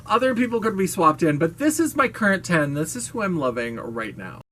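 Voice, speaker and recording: A woman's voice: fairly low pitch, sing-song, a little fast, a bit bright. Frank, gushing woman vlogger. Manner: gushing, playful and frank, with swearing and laughs. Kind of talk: casual chat to camera.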